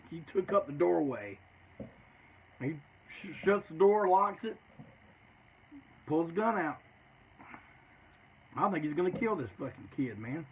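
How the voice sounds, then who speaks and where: A man's voice: fairly high pitch, expressive, slow, gravelly, pauses often, a little hiss or hum, rough recording. A man telling stories in a loose, rambling, profane way, often tacking "man" onto his sentences. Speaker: storyteller. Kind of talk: casual storytelling.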